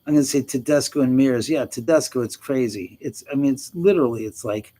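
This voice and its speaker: This livestream host, a middle-aged man, has a mellow, mid-range voice and talks fairly quickly with few pauses, though the recording is rough. He reads viewer comments in a casual chat, laughing a lot and cursing without restraint.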